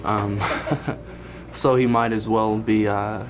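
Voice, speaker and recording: A man's voice: fairly low pitch, level tone, slow. A young man with a Kentucky accent speaking hesitantly in a documentary interview, full of fillers. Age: young adult. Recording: noisy archive documentary clip.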